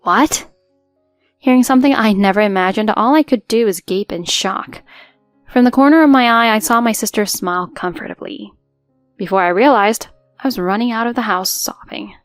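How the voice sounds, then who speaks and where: A woman's voice: medium pitch, fairly quick, no room sound, studio quality, soft background music. A woman in her twenties narrating a scripted first-person story in an earnest, hurt way. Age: 20s.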